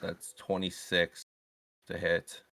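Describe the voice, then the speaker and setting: A man's voice: deep voice, monotone, slow, over music. A man running a tabletop game as game master, casual and swearing offhandedly.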